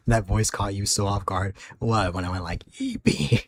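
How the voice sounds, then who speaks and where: A man's voice: on the low side, fairly even intonation, measured pace. A man streaming late at night, chatting casually with viewers, sleepy and rambling, losing his words.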